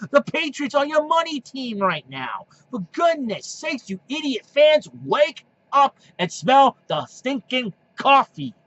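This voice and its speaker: A high-voiced man hosts a solo podcast, his pitch swinging up and down. He rambles, stumbles over his words and repeats himself, and heats up into scolding rants at rival fans. The recording sounds muffled and lo-fi. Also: breathy edge. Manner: heated ranting, scolds opposing fans. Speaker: podcast host. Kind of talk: solo sports and wrestling podcast monologue. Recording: dull lo-fi recording.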